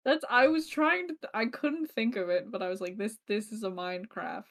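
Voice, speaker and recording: A woman's voice: on the high side, brisk, a bit bright. A woman chatting casually with fellow tabletop game players, often breaking into laughter. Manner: giggly, laughs between remarks. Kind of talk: casual chat among players.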